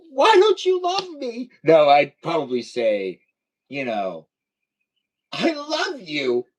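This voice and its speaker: Playful rambling man, lively sing-song pitch. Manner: rambling, playful, jumps between topics; breaks into high squealing calls. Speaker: live streamer. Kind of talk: casual live-stream chat. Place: home studio near a garage.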